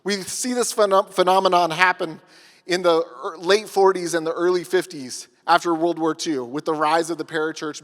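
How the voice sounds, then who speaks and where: A man giving a conference workshop talk, telling stories in an earnest way with pauses. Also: high voice, fairly bright tone, long reverb tail. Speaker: workshop speaker.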